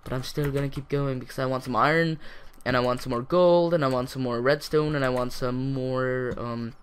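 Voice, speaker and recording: A man casually commenting as he plays a video game, rambling and chatty with sudden bursts of excitement. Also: medium pitch, a little fast, smooth. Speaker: gaming YouTuber. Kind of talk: casual let's-play commentary.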